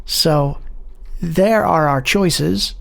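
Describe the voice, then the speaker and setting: Wry man with a gravelly voice. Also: a little high. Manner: dry, wry asides. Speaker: game show host. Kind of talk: casual let's-play commentary, reading game text aloud.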